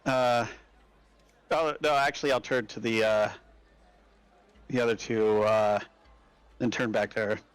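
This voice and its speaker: A man playing a tabletop game, speaking in a polite, measured tone as an investigator. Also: on the low side, steady tone, clear, resonant tone, no room sound. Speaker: player. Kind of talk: in-character tabletop play.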